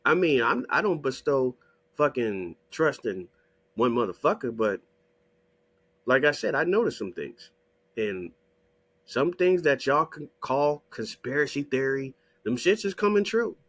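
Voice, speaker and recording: Husky, fiery man ranting. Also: medium pitch, sing-song, unhurried, a bit bright. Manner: combative, profane, repeats demands, asks rhetorical questions. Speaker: online video creator. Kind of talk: profane ranting commentary over a shared screen.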